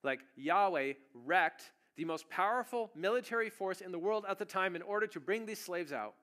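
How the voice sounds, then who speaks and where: A male pastor preaching a sermon in a church, telling the story casually and then breaking into sudden loud bursts. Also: high voice, animated, moderate pace. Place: church sanctuary.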